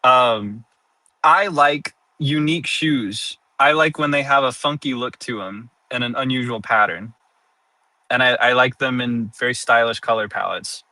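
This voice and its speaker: Giggly, sleepy man with a bright voice. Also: mid-range voice, unhurried, no room sound, poor audio. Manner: giggly, laughs often between sentences; playfully dramatic. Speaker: streamer. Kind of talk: casual chat with viewers.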